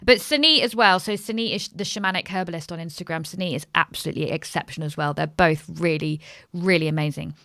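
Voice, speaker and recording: A woman in her thirties tells a story in a casual podcast chat, with a lowish voice that is animated and swears freely. She slips into other people's voices when quoting them. The recording sounds dry and close. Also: fast talker, dry recording. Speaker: astrologer guest.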